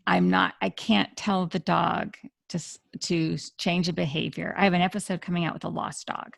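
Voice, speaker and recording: A woman with a low, deeply gravelly voice explains things earnestly in a radio interview, stopping and restarting her sentences. The sound is dry and close. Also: dry recording. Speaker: dog communicator guest.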